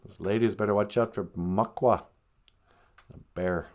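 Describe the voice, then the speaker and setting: A man's voice: on the low side, steady tone, measured pace, a little mellow. A man hosting a comedic podcast, joking sardonically and laughing at his own jokes. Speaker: podcast host.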